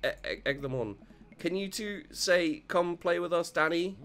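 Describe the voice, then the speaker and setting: A man's voice: sits high, normal speed, fairly bright tone. A man voicing a friendly, good-humored suburban dad in a video game, coaxing playfully and stumbling over words.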